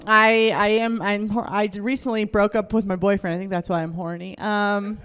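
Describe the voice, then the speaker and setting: A woman's voice: mid-range voice, flat delivery, moderate pace, few pauses, fairly bright tone, clean tone, big-room sound. A young woman comedian performing a stand-up set on a club stage into a handheld mic, rambling loosely, laughing, and acting out quotes.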